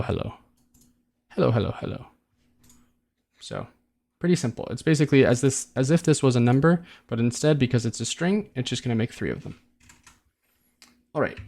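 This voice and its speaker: A man's voice: mid-range voice, gravelly. Man casually explaining code on screen. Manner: relaxed and chatty, restarts phrases, thinks aloud with ums. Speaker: coding tutor. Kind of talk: casual screen-recorded coding tutorial.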